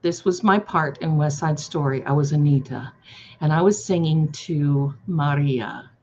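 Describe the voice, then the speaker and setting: A woman's voice: low-pitched, measured pace, darkish tone, highs cut off, a little hiss or hum. A woman hosting a tarot live stream, chatting casually in an effusive, gushing way.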